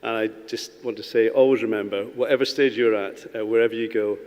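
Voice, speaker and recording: A man's voice: on the low side, steady tone, quick pace, a little mellow. A man giving a graduation speech as a college leader, rambling and self-deprecating, with fillers and restarts. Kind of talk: ceremonial speech with anecdote. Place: large hall. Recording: long reverb of a big hall.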